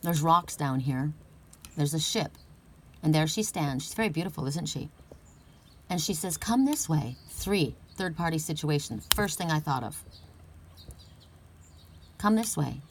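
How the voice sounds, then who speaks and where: A woman's voice: deep voice, moderate pace, slight background noise. Earnest woman reading oracle cards. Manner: earnest, emphatic, heartfelt, with occasional swearing. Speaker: oracle card reader. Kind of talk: casual spiritual card reading.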